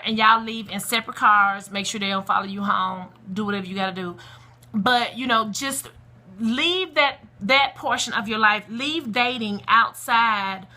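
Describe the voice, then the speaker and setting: A woman's voice: medium pitch, sharp tone. A woman talking to camera, giving blunt, emphatic parenting advice in a preachy, outspoken casual style with vernacular asides. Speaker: parenting blogger.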